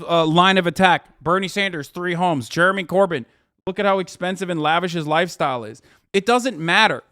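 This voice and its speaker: A man's voice: high-pitched, normal speed, fairly bright tone, dry recording, clean studio sound. Heated, profane man ranting on a stream. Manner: heated, profane ranting, reading items aloud. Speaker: streamer host reacting to news. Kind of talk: live-stream reaction commentary.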